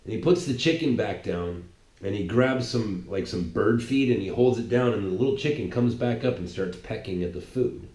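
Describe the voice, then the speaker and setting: A man's voice: on the low side, expressive, moderate pace, darkish tone, roomy sound. A man giving a heated political monologue, rambling and restarting his sentences as he goes. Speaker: political commentator. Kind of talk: ranting monologue.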